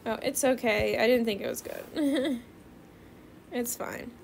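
Excitable teen girl creator, high voice with fry, chatty gameplay commentary. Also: slow, a little hiss or hum. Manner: calls viewers bestie. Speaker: gaming video creator.

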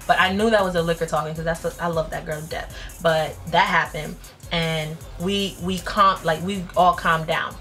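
Young woman in her 20s spilling a story, lower voice, slangy and blunt, faint music behind. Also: moderate pace. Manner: animated, jumps up in pitch when acting out quotes; slangy, blunt, self-mocking. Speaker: vlogger. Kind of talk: casual storytime vlog.

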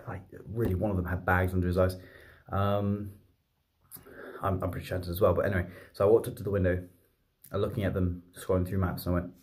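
A man, telling a story to camera in a chatty, rambling, excitable way. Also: low-pitched. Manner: chatty, rambling, excitable, with many fillers and restarts. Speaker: vlogger and streamer.

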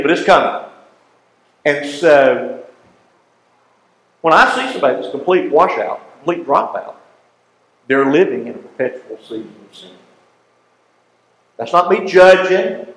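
A man teaching a Bible class in a folksy, animated way, often asking the class questions. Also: on the high side, moderate pace, pauses often, roomy sound, rough recording.

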